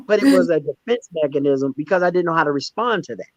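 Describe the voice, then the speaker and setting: A man in an interview, telling his stories candidly in an emphatic, animated way. His voice sits a little high, and he often repeats himself as he restarts a thought. The sound is dry and somewhat muffled. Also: fast, no echo. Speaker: stand-up comedian and guest. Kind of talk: candid conversational storytelling.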